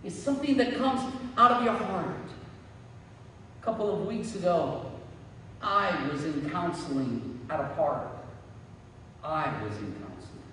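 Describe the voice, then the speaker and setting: A man's voice: on the high side, animated, measured pace, long pauses, a bit bright, slight background noise. A man preaching a sermon as pastor, repeating phrases and building into fervent prayer. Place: church sanctuary. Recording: echoey church hall, mic at a distance.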